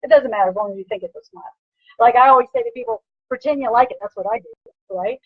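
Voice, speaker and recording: A woman personal trainer giving an energetic motivational lecture, punchy and repetitive, with a husky voice. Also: on the high side, fast talker, no echo, narrow, tinny audio. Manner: energetic, punchy, repeats "bam" and "right?".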